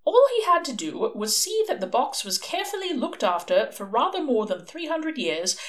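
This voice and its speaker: Female audiobook reader, expressive storytelling, animated pitch. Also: moderate pace. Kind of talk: reading a novel aloud.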